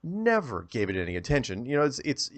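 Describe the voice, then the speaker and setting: A man telling a long story as an interview guest, rambling and animated, often repeating words as he starts a sentence. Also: mid-range voice, a little fast.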